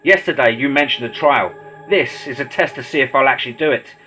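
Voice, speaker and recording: A man's voice: medium pitch, a little fast, pushed and bright, soft background music, close to an everyday voice, rough recording. Man voicing a defiant captive young woman. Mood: defiant, desperate. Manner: raised, pleading, snapping.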